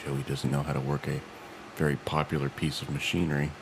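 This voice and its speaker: A man's voice: extremely low pitch, little pitch movement, fairly quick, creaky, noisy background. A man hosting a casual podcast chat, joking and laughing often. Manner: jokey, laughs often, trails off. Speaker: podcast host.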